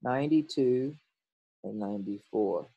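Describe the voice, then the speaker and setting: A man's voice: medium pitch, measured pace, creaky, dark tone, low-quality recording. A man teaching a grammar lesson, explaining in a casual way with ums and self-corrections. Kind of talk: recorded classroom lesson.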